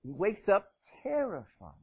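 Male pastor, high and lively voice, husky, dull lo-fi recording. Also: unhurried. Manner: animated, swings from loud emphasis to hushed asides. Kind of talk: sermon. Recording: dull, lo-fi sound.

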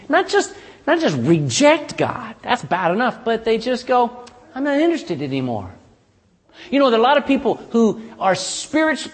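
A male preacher with a high, strongly swinging voice delivers a sermon in a folksy, animated way and keeps tossing "amen?" back to the pews. His voice rings through a church with a long, lingering reverb.

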